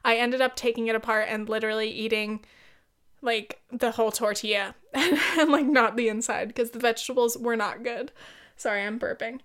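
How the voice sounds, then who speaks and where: A woman with a slightly high, smooth and clear voice chats casually as a podcast host. She tells her story bluntly, swears freely and often breaks into laughter. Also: fairly even intonation, a little fast, a bit bright.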